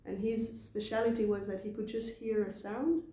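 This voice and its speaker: A woman's voice: mid-range voice, fairly even intonation, normal speed, mellow, reverberant. A woman casually retelling scripture stories in a chatty way, laughing often. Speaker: devotee telling scripture stories. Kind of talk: casual storytelling talk.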